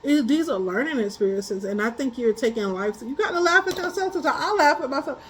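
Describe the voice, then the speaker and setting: Woman, high voice, tarot reader, casual storyteller, quick to laugh, blunt and colloquial. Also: slight background noise, rough recording. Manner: animated, laughs often while telling stories. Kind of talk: casual spiritual chat.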